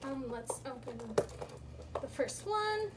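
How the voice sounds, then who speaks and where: A woman chatting casually through a toy unboxing, gushing and squealing with excitement and dropping to soft whispers between reveals. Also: high-pitched, slow, very noisy.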